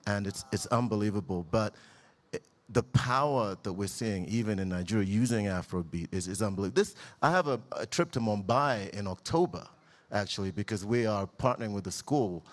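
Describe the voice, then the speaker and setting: A man's voice: fairly low pitch, a little fast. A man, a doctor raised in Britain, speaking earnestly and with enthusiasm on a panel. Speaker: doctor, public health founder. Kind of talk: panel talk.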